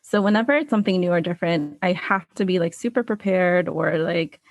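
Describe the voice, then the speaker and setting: A woman's voice: fairly low pitch, lively intonation, brisk, dry recording. A woman who is a life coach, chatting as a podcast guest in an upbeat way. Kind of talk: casual interview chat.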